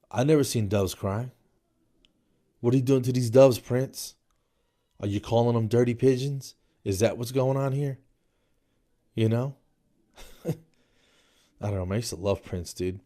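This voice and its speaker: A man's voice: mid-range voice, a little slow, pauses often, darkish tone. A man in his forties, from New Jersey, hosting a podcast in a jokey comedic monologue that he peppers with "man" and "dude". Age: 40s. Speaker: podcast host.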